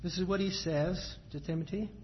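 A man with a high voice and fairly even intonation preaches, reading scripture aloud in a measured cadence and then explaining it plainly. The lo-fi recording sounds dull, with faint ambience and slight background noise.

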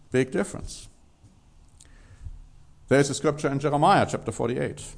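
Guy preaching a sermon, mid-pitched voice, leans hard on words when he reads verses. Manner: emphatic, reads scripture aloud with rising stress.

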